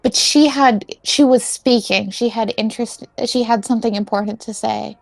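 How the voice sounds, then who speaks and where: A woman playing a tabletop game, animated and quick to act out her character's lines. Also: fairly high pitch, vocal fry, no room sound. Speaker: player. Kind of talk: casual tabletop play.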